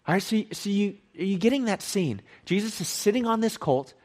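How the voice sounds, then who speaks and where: Animated, high-voiced male Bible teacher. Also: a little fast, hardly any pauses. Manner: animated and conversational, repeats and corrects himself. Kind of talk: casual sermon-style Bible teaching.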